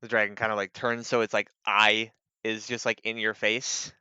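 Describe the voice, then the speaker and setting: A man running a tabletop game as game master, narrating haltingly with many fillers. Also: on the low side, little pitch movement, pushed and bright, clear, resonant tone, dry recording. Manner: halting, full of "like" and "um". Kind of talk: live-streamed tabletop narration. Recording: dull lo-fi mic.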